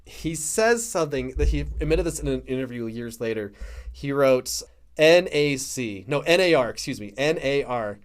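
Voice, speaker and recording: A man's voice: mid-range voice, lively intonation. Chatty man who laughs a lot. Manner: chatty, laughs often, quick asides. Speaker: podcast co-host. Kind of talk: casual film discussion.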